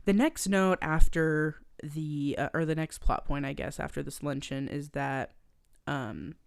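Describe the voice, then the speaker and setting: A woman's voice: deep voice, a little slow, vocal fry, clear, resonant tone, no room sound, clean studio sound. A woman co-hosting a podcast, recapping a movie in casual chat, swearing freely and acting out the characters' lines. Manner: animated, swears a lot, acts out characters' lines. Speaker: podcast co-host.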